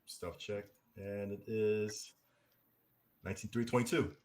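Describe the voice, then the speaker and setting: A man playing a tabletop game, asking halting, hesitant questions in casual chat. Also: fairly low pitch, fairly even intonation, a little mellow. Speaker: player.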